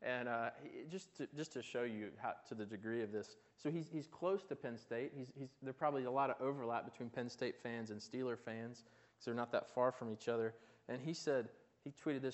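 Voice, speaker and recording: A man's voice: medium pitch, fairly quick. A man preaching a sermon in a conversational way, asking his listeners questions and often restarting his words. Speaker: pastor.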